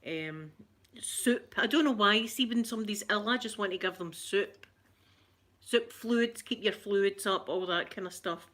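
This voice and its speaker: An ASMR livestream host from Scotland, a middle-aged woman with a Glaswegian accent, chats casually with her viewers. Her mid-range voice is unhurried and fairly bright, and she repeats her phrases and laughs often.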